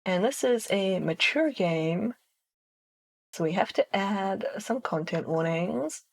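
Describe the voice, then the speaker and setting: A woman's voice: medium pitch, expressive, slow, vocal fry. A woman streamer chatting casually with her viewers, playful and giggling often between phrases. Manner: playful, chatty, reads chat aloud.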